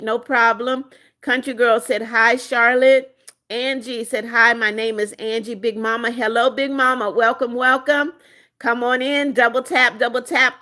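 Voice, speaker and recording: Middle-aged woman, friendly livestream host, higher voice, reads out chat comments. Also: pushed and bright. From United States. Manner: friendly, reads chat messages then answers them. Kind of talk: casual live chat, reading comments aloud.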